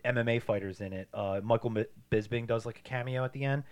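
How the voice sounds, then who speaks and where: A man co-hosting a casual movie podcast, rambling through plot recaps and acting out characters in quick quoted voices. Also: medium pitch, darkish tone. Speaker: podcast co-host.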